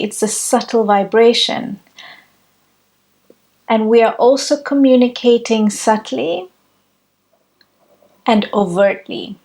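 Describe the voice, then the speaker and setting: A woman giving a reflective spiritual teaching talk, with measured, deliberate phrasing. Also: mid-range voice, a little mellow. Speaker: spiritual speaker.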